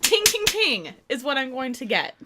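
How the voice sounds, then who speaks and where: A woman's voice: high-pitched, very animated, moderate pace, noisy background. A woman chiming in with blunt, teasing quips during a casual chat. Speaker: host's companion chiming in. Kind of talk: casual banter. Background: video game music.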